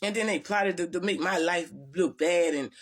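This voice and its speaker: A woman's voice: fairly low pitch, moderate pace. Lady vlogging her story, blunt n cussing a lot, keeps restarting her sentences. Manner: blunt, profane, rambling with many restarts. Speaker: spiritual vlogger. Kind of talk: casual storytelling to viewers.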